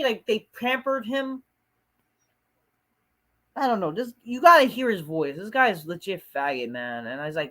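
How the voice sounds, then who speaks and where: A man's voice: very high voice, normal speed, bright, forceful tone. A man reviewing a wrestling show in a casual rant, rambling and dismissive, with lots of swearing and filler words.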